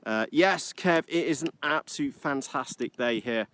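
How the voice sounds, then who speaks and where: Out in a field, a British livestream host flying model aircraft chats on an iPad recording in a medium-pitched, fairly bright voice at a moderate pace. He rambles cheekily and casually, with plenty of uhs.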